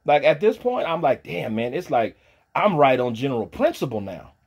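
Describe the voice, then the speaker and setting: A man delivers a profane, taunting livestream rant. He drops into low, quiet mutters, then climbs into loud, high-pitched shouting. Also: big pitch swings, normal speed, husky. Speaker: streamer pastor. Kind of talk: ranting livestream monologue.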